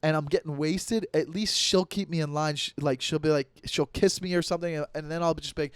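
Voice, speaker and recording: A man's voice: fairly high pitch, fairly even intonation, fairly quick, smooth, dry recording. Rambling, profane man in his thirties. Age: 30s. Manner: rambling, profane, with many restarts and fillers. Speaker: comedian podcast host. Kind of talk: casual comedic monologue.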